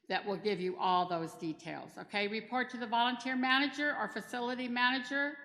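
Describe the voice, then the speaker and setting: The disaster response trainer, a middle-aged woman, speaks with a slightly high, bright, forceful tone. Her chatty, practical talk mixes in personal stories and echoes with long reverb through the church hall.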